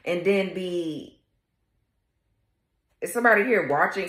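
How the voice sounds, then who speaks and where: Speaking in a fairly low voice with a roomy sound, a woman runs a laid-back tarot reading for viewers. Her delivery is sassy, blunt and packed with swearing, aimed right at the audience with the occasional laugh.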